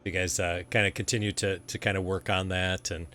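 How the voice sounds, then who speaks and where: A man's voice: low-pitched, little pitch movement, a little fast, sharp tone, a little hiss or hum. A man narrating a tabletop game as game master, rambling with many ums and restarts.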